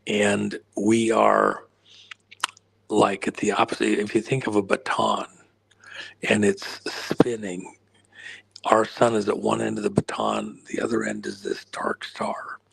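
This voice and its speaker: Interview guest, male, losing his voice, husky and unhurried, lots of ums and throat clearing. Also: on the low side, a bit bright, low-quality recording. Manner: frequent throat clearing and filler pauses. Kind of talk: rambling explanatory interview answer.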